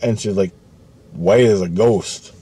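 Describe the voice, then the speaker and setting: A man's voice: fairly low pitch, takes it slowly, warm tone, slightly rough. A man telling a story casually, rambling, swearing often and restarting his sentences. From Canada.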